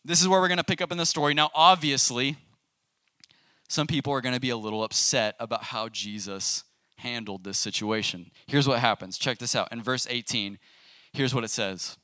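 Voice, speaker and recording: Bright-voiced, casual young preacher, dry sound. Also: male voice, medium pitch, normal speed, no echo. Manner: casual, asks the audience questions. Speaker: youth pastor. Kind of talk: conversational sermon. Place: church youth service room.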